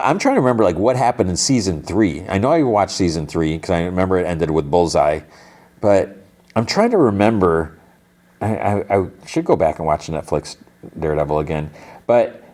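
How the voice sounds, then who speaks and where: A man's voice: fairly low pitch, a little mellow. A man hosting a podcast, casually recapping a TV episode and often restarting his sentences. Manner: rambling, often says "like" and restarts. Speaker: podcast host.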